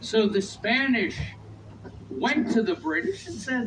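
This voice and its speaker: A man working as a tour guide on an open-air tour train, giving joking commentary and teasing passengers between facts. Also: sing-song. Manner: playful, teasing passengers, quick asides. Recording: distant voice over vehicle noise. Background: vehicle rumble and street ambience.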